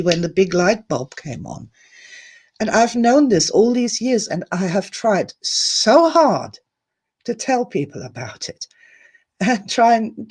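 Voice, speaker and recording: A woman's voice: mid-range voice, a little mellow. Emotional woman streaming a candid talk. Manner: candid, emotional, swears, repeats words. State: emotional, teary. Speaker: host. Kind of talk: live-streamed personal talk to viewers.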